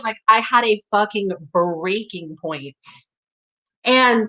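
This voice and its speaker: A young woman telling a personal story at a community hall, emphatic and profane, acting out her own shouted lines. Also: a little high, a little slow.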